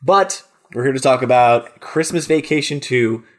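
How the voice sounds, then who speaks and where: A man's voice: medium pitch, normal speed. Rambling, profane male podcast host. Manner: rambling, swearing, lots of restarts. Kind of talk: casual podcast chat.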